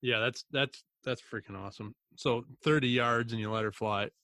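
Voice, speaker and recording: A man's voice: mid-range voice, normal speed, sharp tone. A man hosting a casual outdoors podcast chat, laid-back and swearing casually. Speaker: podcast host.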